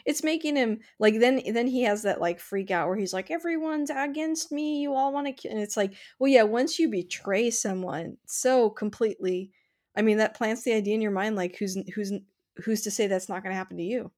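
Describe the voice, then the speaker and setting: A woman's voice: medium pitch, a little fast, a little mellow. A woman co-hosting a casual chat, thinking aloud in a reflective way with filler words.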